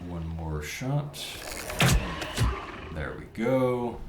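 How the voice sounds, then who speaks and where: Speaking extremely slowly in a low, expressive voice, a man gives casual let's-play commentary, muttering over his tactics and thinking aloud as he plays. The recording is very noisy, from a roomy mic with game music behind.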